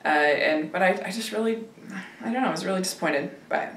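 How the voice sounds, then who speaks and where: Woman, film review host, hesitant, lowish voice, echoey room, off-mic. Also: quick pace, fairly bright tone. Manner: hesitant, many fillers and restarts. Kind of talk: casual film discussion. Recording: roomy, distant from the mic.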